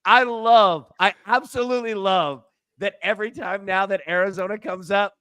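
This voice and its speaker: A man with a Southern US accent jokes his way through his picks, often stumbling over words. His voice is high and bright, and clean and smooth. The mic is dry. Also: normal speed, no room sound. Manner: stammering, jokey. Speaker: co-host. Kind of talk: sports betting banter.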